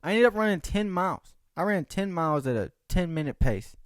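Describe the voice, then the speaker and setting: A man's voice: high voice, a little fast, no echo, studio quality. A young man talking in a casual solo podcast monologue, rambling, swearing and joking. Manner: rambling, profane, animated, jokey. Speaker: podcast host.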